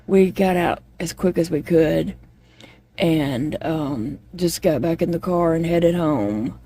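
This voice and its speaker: A woman chats with her viewers as she crochets at home, wandering easily from one thought to the next. Her voice sits on the low side, with a mellow, unhurried tone. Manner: rambling, chatty, talks to viewers. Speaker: vlogger. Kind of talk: casual chat while crocheting.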